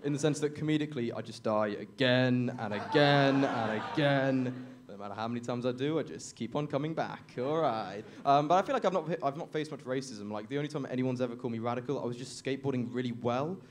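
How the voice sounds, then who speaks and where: A man's voice: mid-range voice, fast talker, few pauses, crowd noise. A young man doing a stand-up comedy set on a club stage, awkward and self-deprecating, chuckling at his own jokes into a handheld mic.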